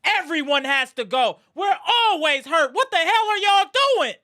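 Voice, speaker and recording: A woman's voice: high-pitched, lively intonation, normal speed, bright, forceful tone. A woman hosting a live sports reaction stream, ranting in anger and frustration with repeated outbursts. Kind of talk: live fan reaction rant.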